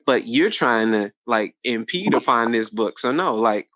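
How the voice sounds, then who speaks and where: A man of middle pitch hosts a casual podcast, talking in an animated way and slipping into lively voices when he quotes people. The recording is dry and close, with no room sound. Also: measured pace, dry recording. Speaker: podcast host.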